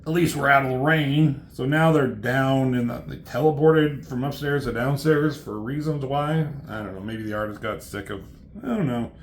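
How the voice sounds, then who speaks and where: A man's voice: mid-range voice, normal speed. Sarcastic profane male comic reviewer. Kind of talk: comedic commentary.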